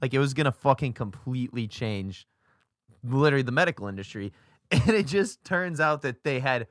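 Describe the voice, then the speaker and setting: A man's voice: mid-range voice, lively intonation, moderate pace, dry recording, clean studio sound. A young man co-hosting a casual podcast, rambling through a story with lots of fillers and swearing. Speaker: podcast co-host. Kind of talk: casual chat.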